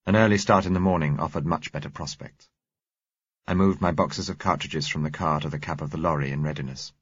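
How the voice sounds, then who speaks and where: A man narrating an audiobook in a measured, even storytelling manner. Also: rumbling low, slightly rough, no echo. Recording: dull, muffled recording.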